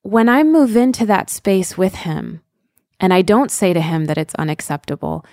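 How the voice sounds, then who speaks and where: A woman's voice: medium pitch, animated, normal speed, darkish tone, no room sound, studio quality. A woman in her thirties, a podcast co-host, speaking candidly and earnestly about parenting. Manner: earnest, candid, with fillers like "you know". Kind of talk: reflective podcast conversation.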